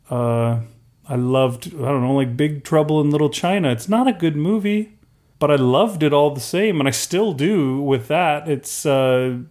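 A middle-aged man talks casually on a podcast, drifting from point to point. He is animated, laughs often and briefly mimics people he quotes. His pitch sits in an ordinary middle range. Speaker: podcast co-host. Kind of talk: casual chat.

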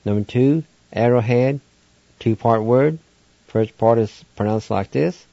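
A man's voice: medium pitch, measured pace, creaky, warm tone, no echo, dull audio. A man hosting a radio language lesson, spelling each word out letter by letter and then sounding it out syllable by syllable. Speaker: radio host teaching vocabulary.

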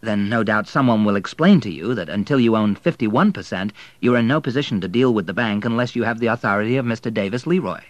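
A man's voice: fairly low pitch, animated, quick pace, hardly any pauses, no echo, lightly acted. A man voicing a formal banker with a clipped, authoritative manner.

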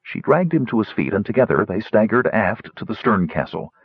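Husky low-voiced male audiobook narrator. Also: very animated, brisk, dry recording, muffled recording. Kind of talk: scripted fantasy narration.

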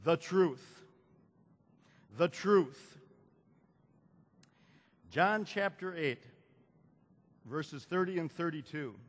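A man's voice: on the high side, extremely slow, pauses often. A man preaching a sermon who repeats phrases, builds to emphatic peaks, and calls for the congregation to answer. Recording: long hall reverb.

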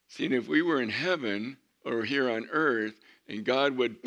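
A man preaching a sermon as pastor, animated, moving between loud emphatic lines and hushed ones. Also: mid-range voice, moderate pace, hardly any pauses.

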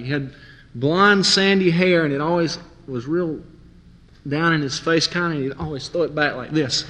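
A man telling stories from his youth in a sermon, acting out his friends' voices as he goes. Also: a little high. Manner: animated storyteller, mimics friends. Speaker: preacher. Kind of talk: sermon with storytelling. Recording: long hall reverb.

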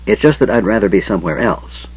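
A small, chatty male kender confides in a high half-whisper, as a man reading the story puts him on. The voice sits up high and slightly husky, and the recording is dull and lo-fi. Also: lively intonation, quick pace, a little mellow. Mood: nervous.

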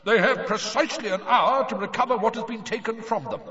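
A man voicing a jovial middle-aged male wizard official with a booming, hearty announcer's voice in an audiobook. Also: huge pitch swings, measured pace, pushed and bright, slightly rough, highs cut off, heavily acted. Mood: announcing.

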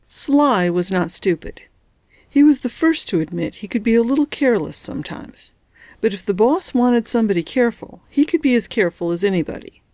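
A woman narrating a novel in a steady, measured storytelling voice. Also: on the high side, no echo. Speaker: audiobook narrator. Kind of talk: scripted narration.

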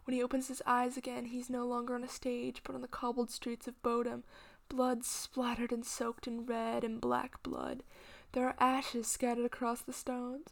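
Brief: female story reader, fiction, flat steady delivery, slips into whispers. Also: on the high side, normal speed, vocal fry. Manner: drops often into hushed whispers. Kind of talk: dramatic fiction reading.

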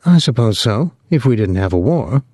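A man's voice: mid-range voice, very animated, moderate pace, dark tone, dry recording, clean studio sound. A man doing a careful, stiff young secretary.

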